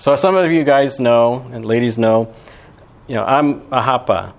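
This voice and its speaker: A man's voice: medium pitch, normal speed. A young man giving a sermon as pastor, talking in a casual, conversational way with lots of "you know" and "right". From Alabama.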